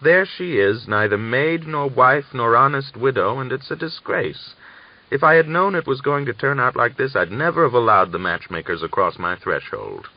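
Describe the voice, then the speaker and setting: A man voicing an aging peasant father, anguished and hot-tempered, pleading and rising to shouts, in a dull lo-fi recording. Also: medium pitch, expressive, normal speed, no room sound, pitched above the performer's own voice. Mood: distressed.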